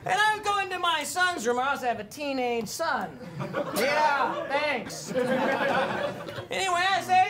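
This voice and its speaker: Slow, rambling high-voiced comic. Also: big pitch swings, a loud crowd, very noisy. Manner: rambling, joking, laughing. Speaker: comedian. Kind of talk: crude stand-up comedy.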